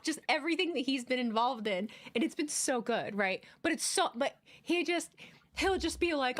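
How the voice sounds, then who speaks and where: A woman's voice: sits high, animated, moderate pace, a bit bright. A woman co-hosting a podcast in casual chat, playful and mocking others in put-on voices. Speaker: podcast co-host.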